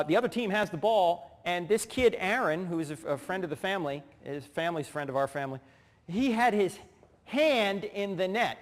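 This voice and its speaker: A middle-aged man giving a humorous teaching talk, telling animated stories, acting out voices and laughing as he goes. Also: high-pitched. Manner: animated storyteller who acts out voices and laughs. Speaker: speaker. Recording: long hall reverb.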